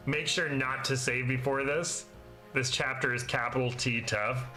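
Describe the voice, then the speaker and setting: A man chats through a game playthrough in a joking, easygoing way, chuckling now and then. His voice is bright and forward at an ordinary pitch, with faint music underneath. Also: steady tone, slow. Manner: joking and chatty, with small laughs. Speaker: gaming video host. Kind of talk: casual let's-play commentary.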